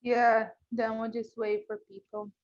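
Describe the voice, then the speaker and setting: A woman on a video call, calmly giving step-by-step setup directions in a casual tone. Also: a little high, measured pace, dull audio. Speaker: tech coordinator guiding the setup.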